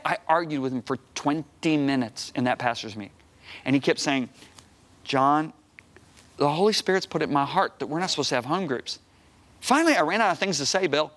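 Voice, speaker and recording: A preacher in his sixties tells a long story as a talk-show guest in a television studio. His voice sits a little high for a man and jumps higher whenever the story heats up. He keeps it emphatic and lively. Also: a little fast. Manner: emphatic, rising to high excited outbursts.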